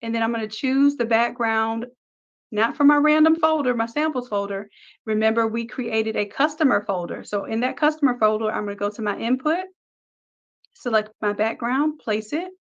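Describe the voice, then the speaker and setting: A woman teaching a design software tutorial, upbeat, talking through each click step by step. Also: a little high, moderate pace, muffled recording. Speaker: design instructor. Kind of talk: screen-recorded software tutorial.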